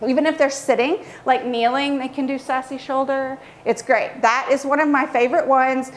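A woman photographer giving a casual tutorial, chatty and lively as she acts out how kids react. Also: high voice, normal speed, slight background noise. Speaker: children's portrait photographer.

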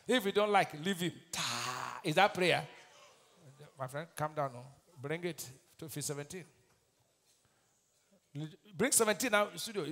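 Fiery preacher in a hall. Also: male voice, high voice. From Nigeria. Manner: preaching with sudden shouted peaks and scripture recitation. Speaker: pastor. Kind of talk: fiery sermon. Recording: long hall reverb.

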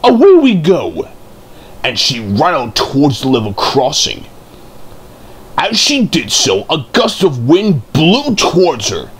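A man reads a children's storybook aloud, slow and unhurried. His voice rises and falls with lively expression, and he tells the story with care. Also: mid-range voice, a little hiss or hum.

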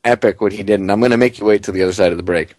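Male radio host, excitable and indignant, lowish voice, dry close mic. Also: very fast, no room sound. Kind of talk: talk radio commentary.

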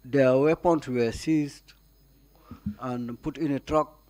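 A man with a Gambian accent testifying at a formal hearing, answering questions haltingly with frequent pauses and restarts. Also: mid-range voice, fairly even intonation, darkish tone. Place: hearing room.

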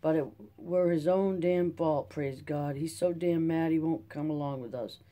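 A reader voicing a weary, talkative Dust Bowl farmer in a folksy, rambling drawl, in a calm audiobook telling. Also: medium pitch, moderate pace, natural voice. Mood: rueful. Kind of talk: audiobook character reading.

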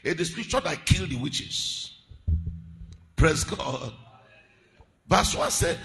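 A male pastor preaching a fiery prayer-meeting sermon, moving from quiet teaching to loud chanted prayer and speaking in tongues. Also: on the high side, very animated, slow pace, creaky, pauses often. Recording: long hall reverb.

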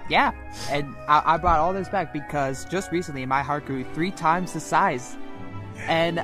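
A man's voice: on the high side, a little slow, natural voice. A man playing a boastful, reformed male Grinch dressed as Santa, talking in folksy slang outdoors in the cold. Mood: proud. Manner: folksy, drawling southern US slang ("y'all"). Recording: loud music playing behind.

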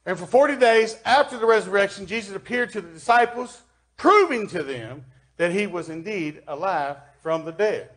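A man with a Southern US accent preaches in a folksy way, his voice sitting high. He reads scripture and comments plainly, jumping from loud stressed lines to hushed asides. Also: expressive, moderate pace. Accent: Kentucky Southern US. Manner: folksy, swings from loud emphasis to quiet asides. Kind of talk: sermon with scripture reading. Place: church.

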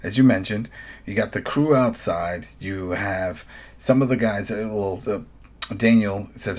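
A man with a low, husky voice co-hosts a podcast review in easygoing chat. He retells scenes in an animated way and slips into the characters as he goes. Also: measured pace. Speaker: podcast co-host.

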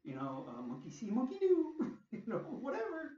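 A man's voice: very high voice, moderate pace, a little hiss or hum. Man, casual storytelling vlog, swoops up and down a lot, profane, laughs a lot, distant roomy lo-fi sound. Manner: animated, profane, laughing often, acting out what others said. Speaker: vlogger.

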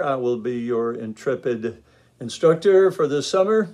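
A man's voice: medium pitch, animated, measured pace, darkish tone. A man in his fifties with a West Texas drawl, lecturing as an art instructor in a chatty, folksy way full of ums and uhs. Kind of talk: recorded online lecture.

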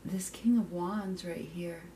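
A woman's voice: fairly low pitch, fairly even intonation, takes it slowly, warm tone, a little hiss or hum. A woman giving a casual tarot card reading, blunt and emphatic, often repeating herself and checking in with "okay?" while swearing casually. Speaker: tarot reader.

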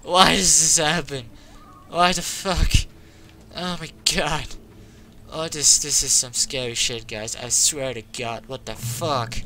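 A young man frantically commenting on a horror game he is playing, swearing and yelling at what happens on screen. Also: on the high side, fairly even intonation, takes it slowly, a little hiss or hum. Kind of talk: frantic let's-play commentary. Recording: game music loud behind the voice.

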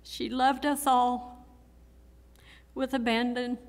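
A woman in her sixties gives a memorial eulogy for her mother in a church, speaking in an emotional, measured way with repeated phrases. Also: fairly high pitch, fairly bright tone. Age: 60s. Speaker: daughter giving a eulogy. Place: church sanctuary. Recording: long church hall reverb.

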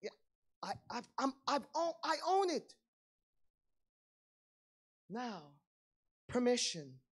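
Emphatic woman preacher, fairly high voice. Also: sing-song, takes it slowly, slightly rough. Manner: emphatic, swinging between hushed and loud; acts out little dialogues in plain voices. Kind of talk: sermon.

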